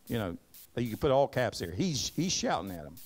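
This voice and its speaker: A man's voice: mid-range voice, fairly quick. A man preaching a sermon, reading scripture aloud and breaking off into folksy asides to the congregation. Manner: animated preaching, reads scripture aloud and asks the congregation to repeat words; folksy Southern-flavored asides. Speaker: pastor. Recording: live church service recording.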